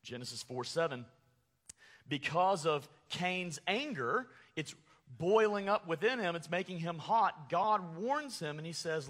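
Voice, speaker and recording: A man preaching a sermon as pastor, animated, acting out angry quotes with sarcasm. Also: a little high, measured pace, in a large hall.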